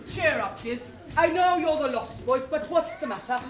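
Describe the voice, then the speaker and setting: A woman's voice: high-pitched, expressive, moderate pace, music in the background. A woman with an English accent acting a cheeky, motherly village cook in a pantomime, chatty and jokey. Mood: fussing. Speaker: amateur stage actor. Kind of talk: pantomime stage acting with ad-libs. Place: community stage hall. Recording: echoey hall from far off, noisy.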